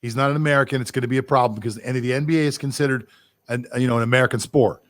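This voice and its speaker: A man's voice: medium pitch, fairly even intonation, very fast, no echo. A man with a mid-range voice, co-hosting a sports chat in a blunt, opinionated way. The sound is dry and close. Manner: blunt, opinionated, jumps between thoughts. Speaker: sports podcast co-host.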